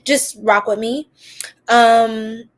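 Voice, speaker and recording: A woman's voice: fairly high pitch, steady tone, very slow. A woman hosting a live tarot reading, chatty and giggly, rambling with lots of fillers.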